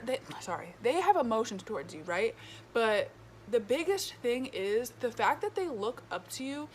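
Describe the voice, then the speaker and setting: A woman's voice: fairly high pitch, very animated, normal speed, a little hiss or hum. A woman giving a casual tarot reading with a retainer in her mouth, chatty and full of fillers, often checking in with "okay?". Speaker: tarot reader.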